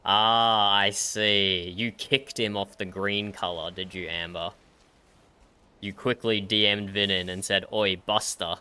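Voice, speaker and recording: A man's voice: fairly low pitch, fairly even intonation, takes it slowly, pushed and bright, smooth. An Australian man chatting casually during an online roleplay game, laughing often and repeating his own phrases. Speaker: roleplay streamer.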